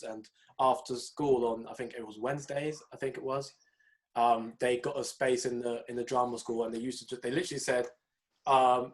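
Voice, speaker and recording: A young man, co-hosting a podcast and telling stories in a casual, animated way. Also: medium pitch, normal speed. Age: young adult. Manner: animated storytelling, mimics people in raised voices. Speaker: podcast co-host. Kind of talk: casual chat.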